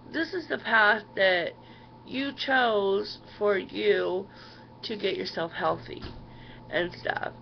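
A woman's voice: on the low side, creaky, lo-fi sound, a little hiss or hum. A woman in her thirties records a heated video response at home, swearing often and leaning on "you know" and "um". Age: 30s. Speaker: vlogger. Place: at home, sitting.

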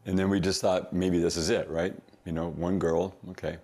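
A middle-aged man casually telling a family story as a podcast guest, chuckling often and throwing in quick asides. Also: deep voice, little pitch movement, mellow.

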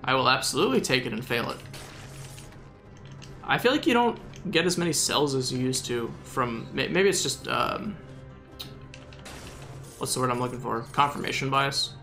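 A man's voice: mid-range voice, expressive, normal speed, gravelly, pauses often, sharp tone, faint music behind. A man from the Southern US giving rambling, self-mocking gameplay commentary as a gaming video host.

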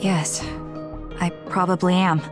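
A woman voicing a calm, reserved young woman in a video game, soft-spoken. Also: on the low side, unhurried, lightly acted. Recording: game audio with music behind.

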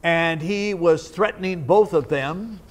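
Slow, measured man giving a devotional. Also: fairly high pitch. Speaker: minister. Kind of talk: short devotional message. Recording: long reverb with faint music.

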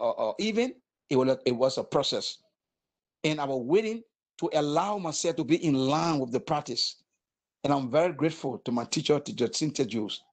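Earnest halting man in his sixties. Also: a little high. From Africa. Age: 60s. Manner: halting, repeats words, earnest. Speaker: interview guest, war veteran. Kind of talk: emotional personal testimony.

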